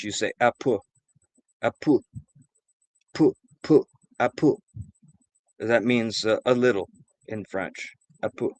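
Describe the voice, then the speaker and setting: A man's voice: on the low side, darkish tone, no room sound. A man streaming and chatting casually, telling rambling anecdotes full of swearing. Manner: rambling, profane storytelling. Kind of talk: casual chat.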